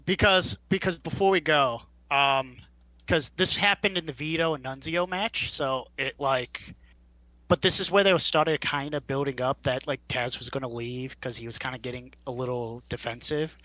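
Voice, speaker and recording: Man, podcast co-host, casual profane chat, mock-angry rants, bright tone, dry close sound. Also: mid-range voice, moderate pace, dry recording. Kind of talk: casual chat recapping wrestling.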